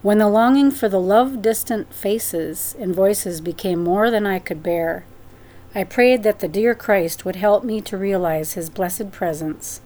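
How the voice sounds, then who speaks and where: A woman's voice: medium pitch, measured pace, dark tone. Earnest woman reading a devout memoir. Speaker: narrator. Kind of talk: audiobook reading of a first-person memoir.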